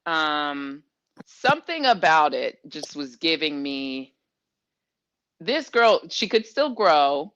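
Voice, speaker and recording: Low bright-toned woman chatting hoops. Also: big pitch swings, slow pace, no echo, dull audio. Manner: conversational, thinks aloud with fillers, teasing. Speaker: podcast co-host. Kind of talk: casual sports chat.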